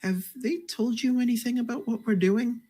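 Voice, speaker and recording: A man's voice: very high voice, fairly even intonation, moderate pace, mellow. A man narrating a tabletop game as game master, rambling and restarting his phrases.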